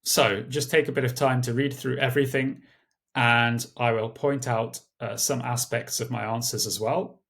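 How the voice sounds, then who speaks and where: A man giving a recorded exam tutorial, speaking in a measured way with many uh and um fillers. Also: mid-range voice, fairly even intonation, creaky, fairly bright tone. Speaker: language tutor. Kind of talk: screen-share exam tutorial.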